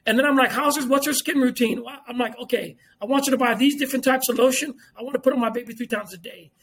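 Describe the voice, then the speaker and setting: Fast-talking emphatic man. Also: extremely high pitch, slight background noise. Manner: animated, emphatic, repeats himself, swears freely. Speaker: podcast guest. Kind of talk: casual podcast chat.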